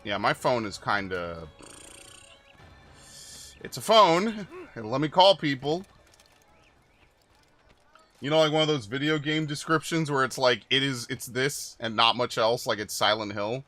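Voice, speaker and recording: A man talking through a video game stream in a loose, rambling way, with a bright, forceful voice. He drifts between the game and side topics and swears often. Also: medium pitch, moderate pace, soft background music. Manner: rambling, profane, chatty asides. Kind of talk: casual gameplay commentary.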